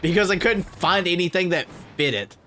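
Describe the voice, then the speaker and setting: A man chatting casually on a game stream, thinking aloud with lots of fillers and letting his phrases trail off quietly. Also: sits high, expressive, moderate pace, slight background noise. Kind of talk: casual gaming livestream chat.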